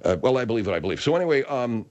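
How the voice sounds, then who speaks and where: A man's voice: mid-range voice, very animated, racing, a little mellow, lo-fi sound. A man hosting a radio talk show, rambling and hesitant as he chats. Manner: rambling, hesitant, lots of restarts.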